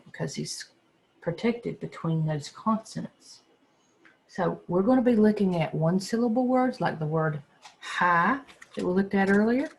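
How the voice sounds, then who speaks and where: Teacher for a phonics lesson, mid-pitched, gravelly edge, spells letters aloud patiently. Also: darkish tone, slight background noise. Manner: patient, sounds words out slowly and spells letters. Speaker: second grade teacher. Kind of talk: phonics lesson for young children.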